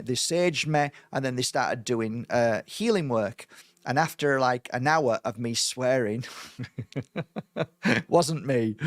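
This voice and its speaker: A man's voice: mid-range voice, no echo, clean studio sound. Man telling a spooky story. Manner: animated, acts out quoted voices, many fillers and restarts. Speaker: spiritual healer. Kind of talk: personal storytelling.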